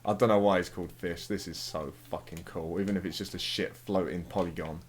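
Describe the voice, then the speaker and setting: A man's voice: deep voice, steady tone, a little fast, slight background noise. A young man, chatting casually over a game and telling a rambling, sweary story full of fillers. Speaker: let's play commentator. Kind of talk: casual chat over gameplay.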